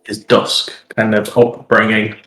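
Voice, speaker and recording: Slow, low-voiced male player. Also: monotone, fairly bright tone, reverberant, poor audio. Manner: slow, hesitant. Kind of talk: playing a tabletop game.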